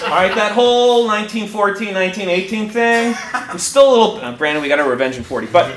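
A man spins a personal story with a high voice that leaps all over the place, laughing as he goes and acting out his own reactions. The sound is roomy and echoey, with clear noise underneath. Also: quick pace, loud music behind the voice. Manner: animated, laughs often while telling, acts out his own quoted reactions. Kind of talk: personal story told live. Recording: echoey room with background noise.

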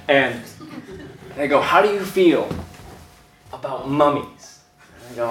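Young male storyteller, lively delivery, echoey hall, distant mic. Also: medium pitch, moderate pace, long pauses. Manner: animated, laughing through his story. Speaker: storyteller on stage. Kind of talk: stand-up storytelling. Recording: echoey hall, mic from afar, audience noise.

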